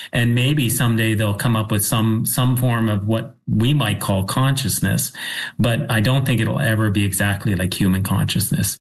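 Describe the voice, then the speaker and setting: A man's voice: on the low side, rough recording. A man answering a question as a panel guest, thoughtful with some restarts.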